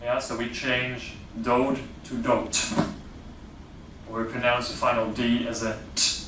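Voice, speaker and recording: A man's voice: medium pitch, completely flat delivery, moderate pace, recorded from a distance, noisy background. Dutch man lecturing in an echoey room. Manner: explanatory, hesitant with many fillers, checks in with "yeah?". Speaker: phonetics lecturer. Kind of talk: classroom lecture.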